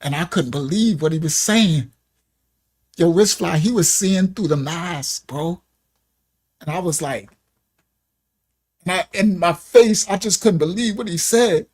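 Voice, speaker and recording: A man's voice: high voice, measured pace, pauses often, darkish tone. A man giving a personal testimony in casual, slangy speech, often checking in with "right?", earnest and emotional. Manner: casual slangy talk with frequent "right?" tags. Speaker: ministry speaker giving a testimony. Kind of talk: personal storytelling.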